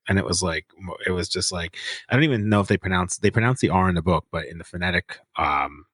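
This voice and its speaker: Low-voiced man in casual book chat. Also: a bit bright, no room sound. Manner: rambling, halting, joking storytelling. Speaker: podcast co-host, book reviewer.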